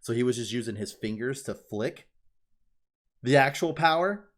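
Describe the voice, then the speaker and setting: A man casually retelling a story on a podcast, excitable and profane, full of "like" and swearing. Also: mid-range voice, moderate pace. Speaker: podcast co-host. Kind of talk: casual chat, retelling an anime plot.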